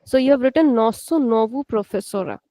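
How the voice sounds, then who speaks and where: A woman's voice: a little high, lively intonation, mellow. A woman teaching an online language lesson, patiently correcting a student and spelling words out. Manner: patient, explains slowly, spells words out, switches into Hindi.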